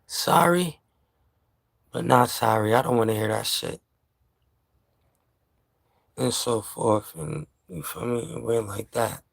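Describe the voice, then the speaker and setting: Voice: mid-range voice, takes it slowly, vocal fry, long pauses, no echo. A vlogger from New York ranting to camera in casual, profane street slang, heated and laughing by turns.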